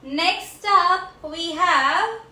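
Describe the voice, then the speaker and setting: A woman teaching a French class, slowly repeating each word for her learners. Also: extremely high pitch, bright, forceful tone. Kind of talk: classroom language lesson. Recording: echoey room.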